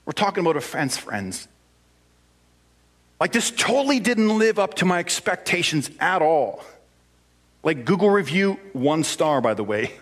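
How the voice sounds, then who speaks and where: A male preacher tells a scripture story in a playful, conversational way, with asides and jokes along the way. His voice sits a little on the high side. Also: very animated, a little slow, pauses often, a bit bright. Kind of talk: sermon.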